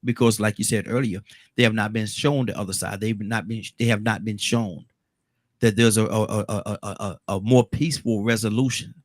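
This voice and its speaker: A man with a lowish voice hosts a call-in show, chatting casually with callers and restarting his sentences. He keeps up a steady stream of affirming murmurs. The studio sound is close and dry, with no room around the voice. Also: moderate pace, dry recording. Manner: frequent affirming "mm-hmm", repeats and restarts. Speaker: radio call-in show host.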